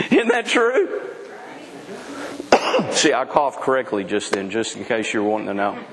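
A man's voice: on the low side, huge pitch swings, moderate pace, a bit bright. Emphatic male pastor in a reverberant hall. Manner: emphatic, frank preaching with repeated restarts. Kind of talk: sermon.

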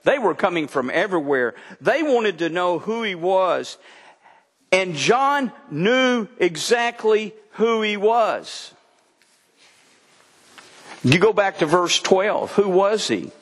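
A man's voice: sits high, sing-song, slow, slightly rough, in a large hall. An older man preaching a sermon, telling folksy stories and swinging his voice up and down for emphasis. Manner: folksy storytelling preacher, voice rising and dropping for emphasis. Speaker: pastor.

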